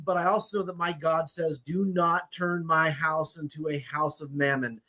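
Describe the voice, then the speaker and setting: A man's voice: a little high, steady tone, normal speed, sharp tone. A man on a casual panel chat, speaking bluntly and firmly. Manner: blunt, firm, matter-of-fact. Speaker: panel guest.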